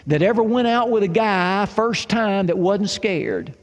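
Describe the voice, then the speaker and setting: A man's voice: sits high, unhurried, in a large hall, voice pushed up. A preacher voicing a blunt, motherly madam. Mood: coaxing. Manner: folksy, drawling, plainspoken. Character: worldly older woman madam, blunt and motherly.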